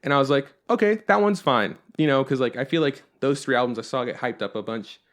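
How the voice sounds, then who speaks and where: Young male podcast co-host, loose and rambling, swears freely, middle-pitched voice. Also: steady tone, fast talker. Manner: rambling and profane, with frequent fillers. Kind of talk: casual chat.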